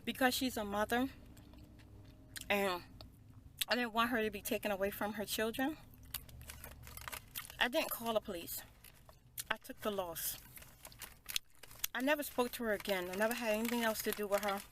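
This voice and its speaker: A woman's voice: on the high side, moderate pace, long pauses, fairly bright tone, a little hiss or hum. A middle-aged woman hosting a storytime, talking casually in a rambling, conversational way. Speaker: ASMR storytime host.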